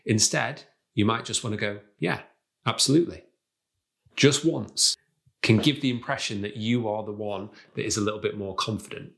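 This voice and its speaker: A man presenting a tutorial to camera, speaking in a measured, demonstrative way and acting out example replies. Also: on the low side, fairly even intonation, fairly bright tone. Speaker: communication coach.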